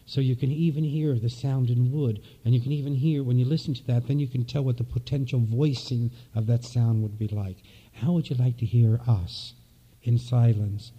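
A man, the minister of a church, preaching a reflective, unhurried sermon in a soft-spoken way. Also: medium pitch, fairly even intonation, husky. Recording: dull lo-fi recording.

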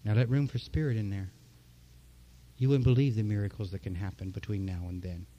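A man's voice: lowish voice, steady tone, fairly quick, warm tone, highs cut off. A man preaching a sermon from the pulpit, impassioned, with repeated phrases and rising emphasis. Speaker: pastor.

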